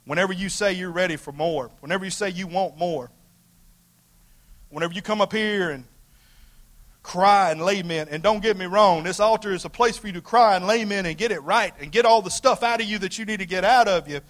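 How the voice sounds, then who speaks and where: A man preaching a sermon as pastor in a folksy, colloquial way, swinging between loud emphatic calls and hushed asides. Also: sits high, fairly quick.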